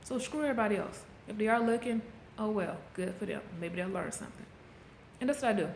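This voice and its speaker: A middle-aged woman speaking frankly into a handheld camera, coaching her viewers like a friend in a casual motivational vlog. Her voice sits at an ordinary pitch for a woman. It bounces around an echoey room, with a faint hum of ambience behind her. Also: expressive, fast, creaky. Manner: candid, coaching, talks straight to viewers. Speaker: vlogger.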